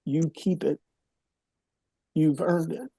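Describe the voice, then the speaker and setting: A middle-aged man, a guest on a podcast, telling personal stories in an earnest, emotional way, sometimes dropping to a hush. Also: a little high, fairly even intonation, takes it slowly, slightly rough, no room sound. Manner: earnest, emotional storyteller, drops to a hushed voice at moments. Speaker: podcast guest, mental health speaker. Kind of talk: personal storytelling in an interview.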